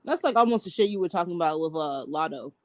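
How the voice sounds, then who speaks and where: A woman co-hosting a casual podcast, lively and blunt, laughing as she tells stories. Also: on the low side, brisk, no room sound. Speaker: podcast co-host.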